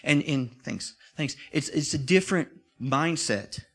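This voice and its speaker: A man's voice: on the high side, lively intonation, measured pace, fairly bright tone. A man preaching a sermon in a conversational way, often repeating himself and rising to emphatic peaks.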